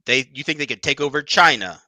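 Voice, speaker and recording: A man's voice: medium pitch, lively intonation, brisk, sharp tone, no echo. A man in a heated casual debate, insistent and mocking, repeating his points. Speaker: podcast co-host.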